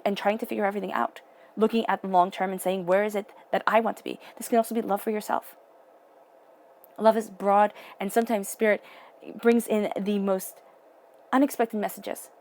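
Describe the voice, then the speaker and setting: A woman's voice: mid-range voice, a little mellow, slight background noise. A young adult woman giving an emotional, earnest tarot reading, sometimes dropping to a near-whisper. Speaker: tarot reader.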